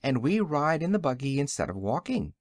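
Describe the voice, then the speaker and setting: A man's voice: a little high, very animated, a little fast, no room sound. Brief: young girl, straightforward and earnest, lightly voiced by a male narrator, dry close sound. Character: young girl, plain-spoken and brave.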